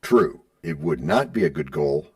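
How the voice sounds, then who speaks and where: A man's voice: extremely low pitch, measured pace, creaky, breathy edge, far from the mic. A man hosting a podcast, bantering in a playful, teasing way. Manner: playful, teasing, lively delivery. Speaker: podcast host.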